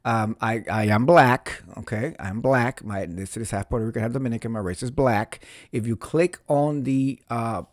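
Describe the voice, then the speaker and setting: A man's voice: medium pitch, normal speed, hardly any pauses, no echo, studio quality. A man from New City, chatting casually on a live stream and answering viewers. He talks in a theatrical way and repeats phrases for emphasis. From New York City.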